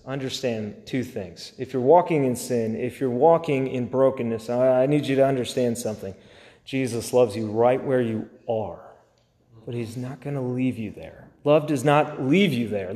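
A man's voice: mid-range voice, mellow, big-room sound. A man preaching a sermon as a pastor, pleading and impassioned, repeating his phrases.

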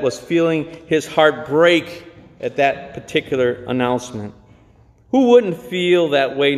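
A pastor preaching a sermon in a church, slow and emphatic with dramatic pauses. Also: male voice, fairly high pitch, in a large hall.

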